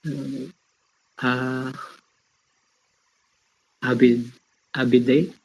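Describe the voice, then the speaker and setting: Hesitant, gravelly-voiced male student. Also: mid-range voice, flat delivery, extremely slow, darkish tone, poor audio. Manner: hesitant, sounds out words. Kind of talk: reading aloud in class.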